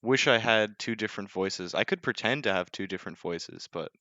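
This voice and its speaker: A man's voice: on the low side, a little fast, pushed and bright, no room sound, lo-fi sound. A young man casting a live game, casual and joking, often self-deprecating and full of fillers. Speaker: esports caster.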